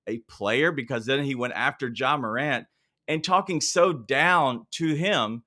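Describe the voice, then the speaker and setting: A man's voice: fairly high pitch, lively intonation, measured pace, pushed and bright. A man from Memphis co-hosting a sports talk show, chatting casually, tossing questions to guests and airing grievances. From Memphis, Tennessee. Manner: conversational, steering questions, aggrieved opinions.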